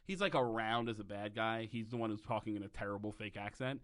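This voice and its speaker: A man hosting a comedy podcast recorded live. His voice is bright and a little sharp. He rambles through jokes, laughing as he goes. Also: on the low side, fast. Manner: rambling, joking, lots of fillers and laughs. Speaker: podcast host. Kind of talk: casual comedic chat about a TV show.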